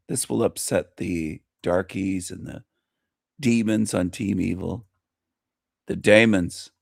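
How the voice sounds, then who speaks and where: A man chats slowly on his livestream, with a low, gravelly voice. He keeps repeating phrases with gleeful mockery. The sound is close and dry, with no room echo. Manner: repetitive, gleeful mocking. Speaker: livestream host. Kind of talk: casual livestream chat.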